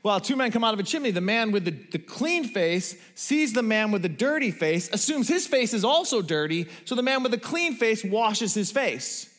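A man's voice: high voice, expressive, moderate pace, few pauses, a bit bright, voice pushed up. A man doing a patient old rabbi with riddles. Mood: teasing. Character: wise older male rabbi, testing and teasing.

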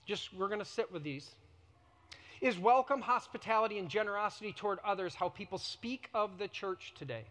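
A man preaching a sermon as a pastor, emphatic, with dramatic pauses and repetition. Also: sits high, lively intonation, a bit bright, long reverb tail. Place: church sanctuary.

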